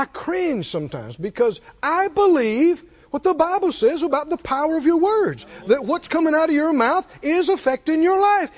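A man preaching a sermon to a congregation, emphatic and full of rhetorical questions. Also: extremely high pitch. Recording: dull lo-fi sermon recording.

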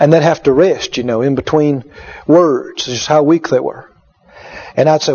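A man's voice: a little high, fairly even intonation, moderate pace, a little mellow, breathy edge. A middle-aged male preacher telling a story in a sermon, repeating words for emphasis. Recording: dull lo-fi recording.

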